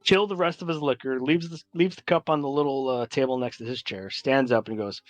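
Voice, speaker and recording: A man's voice: mid-range voice, brisk, no echo, faint music behind. A man narrating as game master, describing scenes in a meandering way with many filler words.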